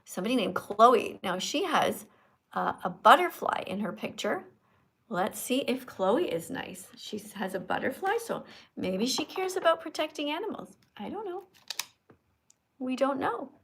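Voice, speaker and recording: A woman's voice: sits high, big pitch swings, normal speed, creaky, a bit bright, husky. Preachy woman lecturing on a livestream. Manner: preachy, emphatic, teacherly. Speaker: livestream host and vegan activist.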